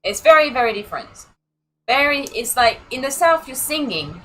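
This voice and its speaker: A woman from the south of France with a French accent, a streamer chatting in an animated way while she plays. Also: high voice, normal speed, rough recording. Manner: chatty, animated, laughing asides. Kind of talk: casual gameplay commentary.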